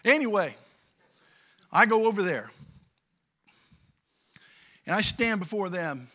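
A middle-aged man from California preaching a sermon and telling a childhood story, swinging from quiet to loud as he goes. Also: high voice, animated, slow. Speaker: pastor.

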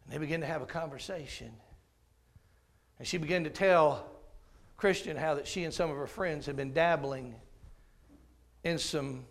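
Preacher guy, kinda high voice, goes loud then real quiet telling his story. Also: moderate pace, vocal fry, long pauses. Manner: dramatic, swings from loud bursts to hushed tones. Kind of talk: storytelling sermon.

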